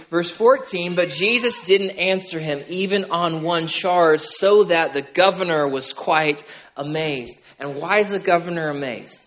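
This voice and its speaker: A man's voice: a little high, normal speed, fairly bright tone, poor audio. A man preaching a sermon in a conversational way, often checking in with the listeners by asking "okay?" and "right?". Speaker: pastor.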